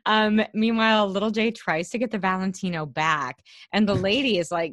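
A woman co-hosting a podcast, chatting casually about a TV episode, animated and laughing, swearing freely. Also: mid-range voice, brisk, hardly any pauses, dry recording, studio quality. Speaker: podcast co-host. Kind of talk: casual recap chat.

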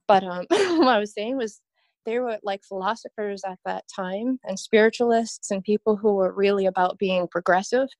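A woman's voice: mid-range voice, moderate pace, a little mellow, dry recording. A woman guest on a podcast, talking in a rambling, earnest way and laughing often. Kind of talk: casual podcast chat.

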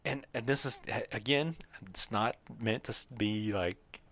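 A man co-hosting a loose, casual podcast chat. His voice is bright and forceful, and he rambles with plenty of "like" fillers. The sound is dry and close to the mic. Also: lowish voice, a little slow, no room sound. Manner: rambling, heavy use of "like" fillers. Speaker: podcast co-host.

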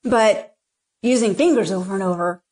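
A woman's voice: mid-range voice, moderate pace, darkish tone. A woman author talking frankly about her writing in an interview, rambling with many restarts. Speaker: erotica author, guest. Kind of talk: casual interview talk.

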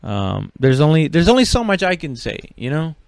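Rambling, profane podcast host. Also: male voice, on the high side, big pitch swings, moderate pace, vocal fry, dry recording. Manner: rambling, profane, lots of fillers and restarts. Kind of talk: casual solo podcast chat.

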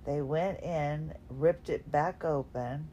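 Slow, low-voiced woman podcasting from bed. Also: dark tone, highs cut off, slight background noise. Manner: rambling, self-deprecating, yawning. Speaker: podcast host. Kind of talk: casual solo podcast talk. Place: lying in bed at home.

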